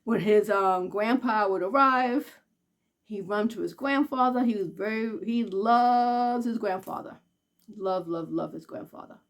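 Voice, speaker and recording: Speaking unhurriedly, this vlogger recounts something from her own life in an easygoing way. Her pitch climbs whenever she imitates others, and she turns gentle and hushed as the story gets sad.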